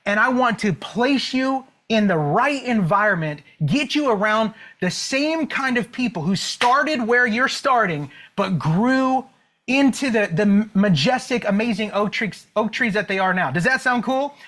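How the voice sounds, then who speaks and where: A man's voice: high-pitched, lively intonation, unhurried, fairly bright tone. A man voicing a friendly, wise little male sparrow who gives casual, coaxing, bro-like advice.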